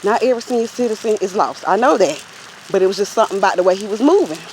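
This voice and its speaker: A woman's voice: mid-range voice, expressive, racing, a little hiss or hum. A woman vlogger telling a story in a casual, chatty way and talking straight to her viewers while out on a walk. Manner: chatty, addresses viewers directly. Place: outdoors while out walking.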